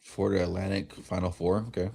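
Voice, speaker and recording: A man streaming a watch-along, giving relaxed fan play-by-play while tired and yawning, often restarting his sentences. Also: low-pitched, quick pace, creaky, breathy edge. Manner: relaxed, rambling calls with frequent self-corrections. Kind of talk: casual fan play-by-play commentary.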